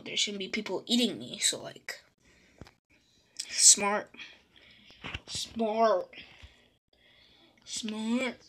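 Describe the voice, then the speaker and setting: A woman's voice: a little high, pushed and bright, slight background noise. A woman talking casually over her own gameplay, chatty, dropping into whispers and breaking into panicked squeals. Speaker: gaming channel host.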